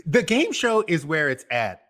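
Man, talk show host, playful, teasing, lively pitch. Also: measured pace. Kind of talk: casual chat.

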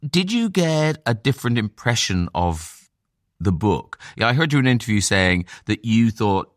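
Lively, low-voiced male host. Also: normal speed, dry recording, clean studio sound. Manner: chatty, playful questioning. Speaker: podcast host. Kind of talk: interview questions.

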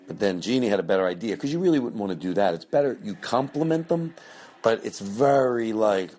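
A man with a low, deep voice talks loosely, as if to his podcast listeners. He rambles from story to story in a joking way. He sounds middle-aged. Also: lively intonation, brisk, darkish tone. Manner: loose and joking, breaks into high mocking voices for bits. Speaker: podcast host. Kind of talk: casual rambling monologue.

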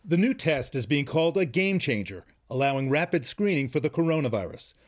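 A man reporting as a medical correspondent, calm and explanatory. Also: fairly high pitch, a little fast. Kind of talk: news report narration.

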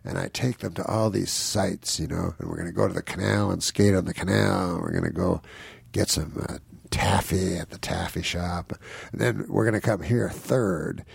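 Male comic as a guest storyteller: low, raspy tone, dry close sound, loose and self-mocking delivery. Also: fairly even intonation, moderate pace, dry recording. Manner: rambling, chuckles often, acts out the people he quotes. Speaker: comedian guest. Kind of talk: anecdotal storytelling.

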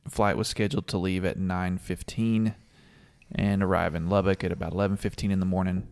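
Co-hosting a podcast about sports, a man casually tells a story and laughs frequently. His voice sits low and is a little mellow, with a level tone, vocal fry, and a fairly quick pace. The sound is clean.

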